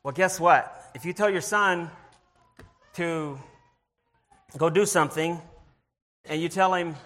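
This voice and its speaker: A man giving an informal sermon, earnest and halting, often restarting and repeating his words as he searches for them, and reading scripture in a slower voice. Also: a little high, a bit bright. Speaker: lay preacher.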